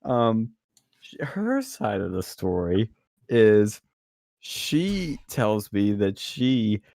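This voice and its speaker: A man's voice: lowish voice, sing-song, very slow, creaky, a little mellow, no room sound, studio quality. A man hosting a podcast, telling a story in a loose, casual way with lots of fillers and some swearing. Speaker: podcast host. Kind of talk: casual chat.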